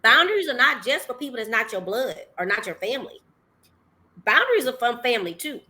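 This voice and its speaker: Bright, high-voiced woman, lively chat. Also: brisk. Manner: animated, exclaiming and acting out her own words. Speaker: podcast host. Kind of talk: casual chat.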